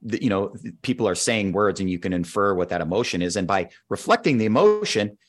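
Low-voiced man patiently explaining step by step. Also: animated, a little fast. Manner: patient, methodical teacher who walks through steps. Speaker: guest expert on team skills. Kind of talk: explaining in conversation.

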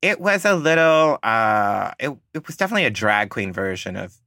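A man with a bright, lively tone chats casually on a podcast. He laughs easily and wanders through fillers and restarts. The recording is dry and close. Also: fairly low pitch, moderate pace, creaky, dry recording. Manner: laughs often, trails off with fillers. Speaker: guest, drag performer.

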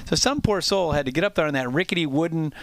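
Middle-aged man, lively yarn-spinner. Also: on the high side, fast. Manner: animated, self-mocking anecdotes with frequent restarts. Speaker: former ballpark entertainer. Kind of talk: casual storytelling.

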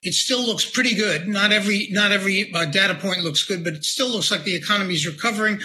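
A man's voice: sits high, quick pace, bright, forceful tone. A male economist answering interview questions in an analytical way, thinking aloud.

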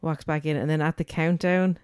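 A man's voice: on the high side, fairly even intonation, a little fast, darkish tone, smooth, no room sound, studio quality. A man co-hosting a podcast, eagerly retelling film trivia and scenes step by step. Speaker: podcast co-host. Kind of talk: casual film chat.

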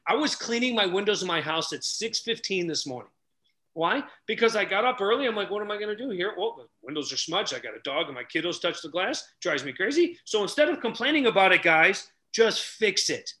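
A middle-aged man telling stories loudly on a podcast, acting out each character's lines as a relationship coach. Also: sits high, a little fast. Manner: animated, loud, acts out dialogue. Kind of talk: energetic storytelling in casual chat.

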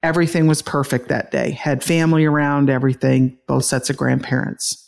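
A woman's voice: very deep voice, steady tone, fairly quick, creaky, darkish tone. A middle-aged woman telling an interviewer about the day her son died, emotional, laughing through grief, with many restarts. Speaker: guest, bereaved mother and author. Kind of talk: conversational interview storytelling.

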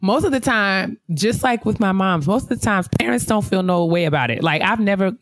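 A woman co-hosting a podcast, telling stories in a casual, animated way, acting out voices and laughing often. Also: mid-range voice, fairly quick, no echo. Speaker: podcast co-host. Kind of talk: casual storytelling chat.

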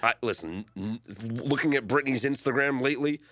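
A man's voice: mid-range voice, a little fast, no room sound. A man hosting a casual sports talk radio show, joking around with his co-hosts and laughing often. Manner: jokey, animated, laughs often. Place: radio studio.

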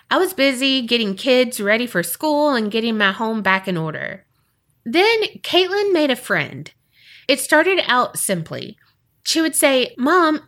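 A woman with a fairly high, bright voice hosts a podcast. She reads a listener's eerie story aloud, her pitch swinging widely as she dramatizes it. Her reactions are animated and expressive. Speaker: podcast co-host. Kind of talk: casual chat and reading a listener story aloud.

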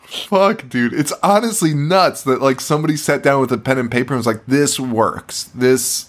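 A man's voice: medium pitch, expressive, fast talker. Laughing, profane young man on a podcast. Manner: profane, laughing, acts out movie lines. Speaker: podcast co-host. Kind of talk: casual chat.

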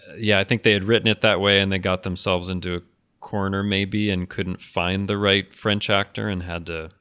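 Deep-voiced man musing in casual talk. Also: flat delivery, moderate pace, bright, forceful tone, clear, resonant tone. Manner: thoughtful, hesitant with many restarts and laughs. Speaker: podcast co-host. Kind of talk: casual discussion.

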